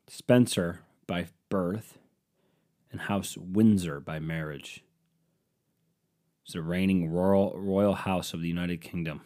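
Man, lowish voice, rambling comic monologue, profane, sarcastic asides. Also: darkish tone.

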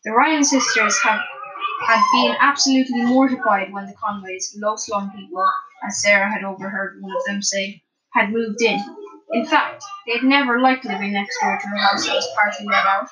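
A woman's voice: mid-range voice, moderate pace, low-quality recording. Woman narrating an audiobook. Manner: steady storytelling with small restarts.

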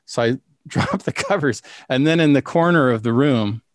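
Guy telling a story, stops and starts a lot, lots of uhs, average pitch, dry close sound. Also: lively intonation, dry recording. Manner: rambling, halting, lots of fillers and restarts. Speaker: storyteller recounting a ghost experience. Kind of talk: casual spoken anecdote.

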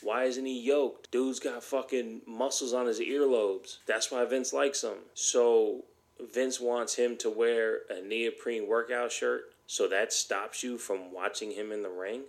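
Gravelly, heated man ranting. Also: medium pitch, fairly even intonation, a little slow. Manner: blunt, heated, swears often. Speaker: podcast host. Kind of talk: solo podcast rant.

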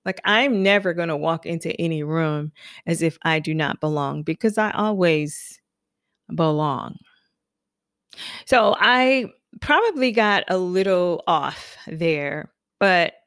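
A woman telling a personal story in a lively, conversational way, then leading into spoken affirmations as a motivational speaker. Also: on the low side, slow, dry recording, studio quality. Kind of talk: personal anecdote and motivational talk.

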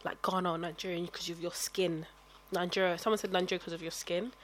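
A young woman chatting casually, often laughing loudly and quoting people. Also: fairly low pitch, little pitch movement, quick pace, slight background noise. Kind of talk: casual chat.

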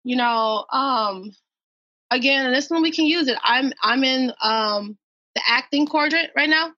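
A woman from Minnesota speaks earnestly as a podcast guest, leaning on repeated phrases to drive each point home. Her voice sits a little high and is bright and sharp. The recording is dry and somewhat dull. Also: a little slow, dry recording. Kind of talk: emotional personal account.

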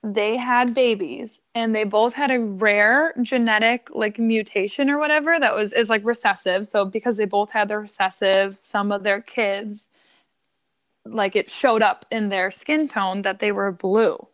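A woman from Buffalo, New York, telling a story in casual podcast chat, animated and swearing, laughing often. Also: medium pitch, unhurried, dull audio.

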